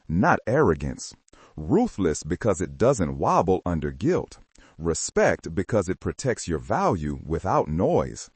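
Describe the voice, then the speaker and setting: Deep, husky, very animated male narrator. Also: dry recording. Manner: dramatic, emphatic delivery. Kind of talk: scripted motivational narration.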